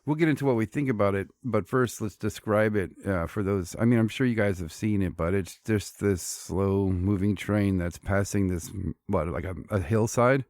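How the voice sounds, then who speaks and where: A man's voice: lowish voice, moderate pace, hardly any pauses, darkish tone, dry recording. A man co-hosting a podcast in easygoing casual chat, laughing along with his friend. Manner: easygoing, laughs along, calls him dude. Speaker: podcast co-host.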